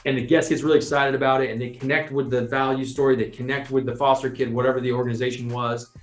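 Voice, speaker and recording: Animated podcast host in an echoey room. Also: male voice, mid-range voice, fast talker, soft background music. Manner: animated, explains with imagined scenes and quoted asides. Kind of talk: casual storytelling chat.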